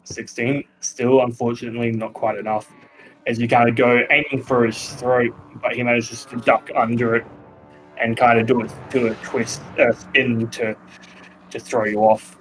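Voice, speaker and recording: An Australian man narrating a tabletop game as game master, with a loose, relaxed delivery full of fillers. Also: mid-range voice, normal speed, faint music behind. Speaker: dungeon master. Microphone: podcast microphone.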